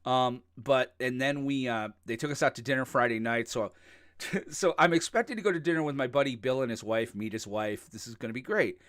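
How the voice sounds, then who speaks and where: A man's voice: mid-range voice, brisk, fairly bright tone, no room sound, studio quality. A man co-hosting a podcast in a casual, jokey, rambling way, laughing often. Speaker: podcast co-host. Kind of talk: casual chat.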